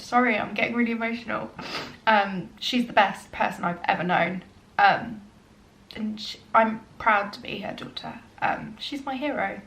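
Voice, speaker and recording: A woman's voice: medium pitch, normal speed, gravelly, slight background noise. Young female vlogger, casual and earnest, filler-heavy, echoey room sound. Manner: chatty, earnest, frequent ums, turns soft and emotional. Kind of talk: casual get-to-know-me Q&A.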